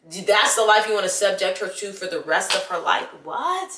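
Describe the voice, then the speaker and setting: A young woman, casually ranting about a movie she saw and talking straight to the viewer in an animated, exasperated way. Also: mid-range voice, fairly quick, roomy sound, noisy background. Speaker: vlogger. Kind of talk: casual movie review rant.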